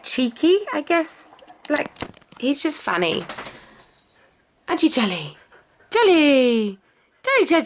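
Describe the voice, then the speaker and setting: A young woman vlogging casually at home, chatty and affectionate, cooing at her dogs as she talks to the camera. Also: mid-range voice. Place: home, indoors. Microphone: camera resting on the bed.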